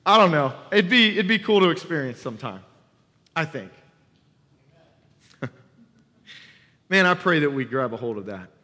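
A man's voice: a little high, animated, normal speed, pauses often, sharp tone, long reverb tail. A young adult man, a youth pastor, preaching a sermon in a church sanctuary, talking animatedly and conversationally and often asking the congregation questions.

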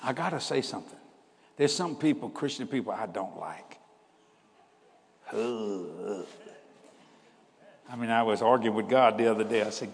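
An older man preaching a humorous storytelling sermon in a folksy way. He laughs often and swings between loud bursts and hushed asides. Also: medium pitch, lively intonation, fairly quick, pauses often, slightly rough. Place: church hall. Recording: hall reverb with faint background noise.

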